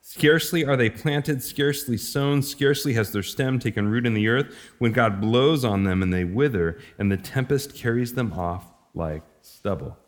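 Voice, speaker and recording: A man's voice: mid-range voice, moderate pace, few pauses. A middle-aged man preaching a sermon in a loose, conversational way, slipping into slang and chuckling at his own asides. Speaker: pastor.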